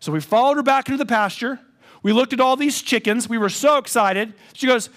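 Animated pastor, high voice. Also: male voice, fairly quick. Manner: animated, conversational, self-deprecating storytelling. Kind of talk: storytelling sermon.

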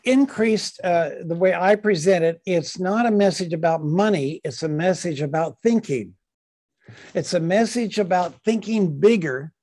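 A man's voice: sits high, unhurried, darkish tone. A man answering as a podcast guest, emphatic and building up lists of repeated phrases. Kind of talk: interview answer.

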